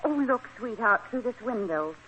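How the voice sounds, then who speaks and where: A woman's voice: on the high side, animated, normal speed, fairly bright tone. An actress playing a flippant young American woman crook, with breezy 1940s radio acting. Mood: teasing. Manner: breezy, teasing. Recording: dull, hissy 1940s radio broadcast.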